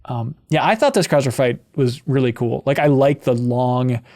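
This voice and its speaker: Joking podcast host reading mail. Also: male voice, mid-range voice, moderate pace. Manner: joking, animated. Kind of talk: casual chat, reading listener mail.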